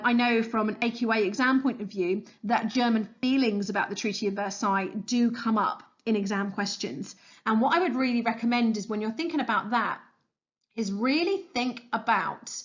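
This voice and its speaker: A fairly high-voiced woman teaches a history revision lesson in an eager, chatty way, often pausing on fillers. She talks over slides, and the recording sounds a little dull and muffled. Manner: enthusiastic, chatty, with frequent fillers.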